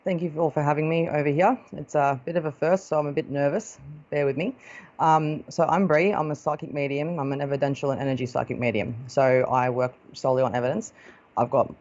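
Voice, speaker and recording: A woman's voice: deep voice, steady tone, fairly quick, darkish tone, lo-fi sound. An Australian woman hosting a live stream as a psychic medium, chatting casually and affectionately, calling viewers darling as she greets them.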